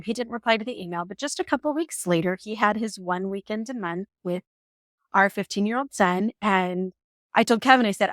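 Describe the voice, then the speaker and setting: Recorded at studio quality with no echo, a forties-aged woman shares a personal story on her vlog. She talks a little fast in a medium pitch, animated and emotional, with occasional laughter.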